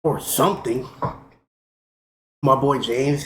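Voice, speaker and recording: A young man streaming, casually telling a profane, animated story. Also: medium pitch, normal speed, pauses often. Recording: roomy with faint noise.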